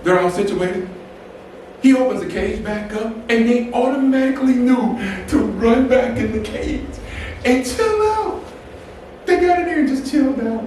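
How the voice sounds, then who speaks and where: Man, storyteller, animated, acts out voices, distant mic, roomy echo, background noise. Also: very high voice, moderate pace. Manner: animated, acts out the people in his story with laughs. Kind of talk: personal story told to an audience. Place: storytelling event room. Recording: echoey room, voice from far off, ambient noise.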